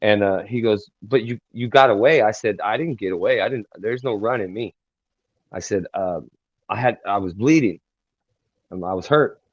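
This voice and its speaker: A man telling a long personal story in a halting, rambling way as an interview guest. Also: on the low side, no room sound. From Texas. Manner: rambling, halting, many fillers and restarts. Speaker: guest singer-songwriter. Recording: dry, dull lo-fi sound.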